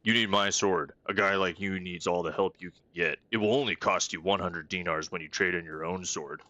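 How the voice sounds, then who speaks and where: A man's voice: sits low, fairly even intonation, a little fast, bright, forceful tone, dry recording. A man reading aloud the lines of an arrogant, burly male weapon-shop owner from a game, curt and scornful. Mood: gruff.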